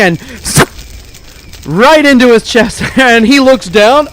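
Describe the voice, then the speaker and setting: A man's voice: extremely high pitch, lively intonation, a little slow, noisy background. A man co-hosting a radio movie review, rambling through plot points and laughing often. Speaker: radio show co-host. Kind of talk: casual movie review chat.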